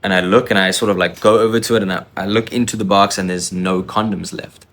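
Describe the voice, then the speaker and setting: A man telling a personal confessional story in an emotional, intense way, often halting and restarting his sentences. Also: low voice, steady tone, fairly bright tone.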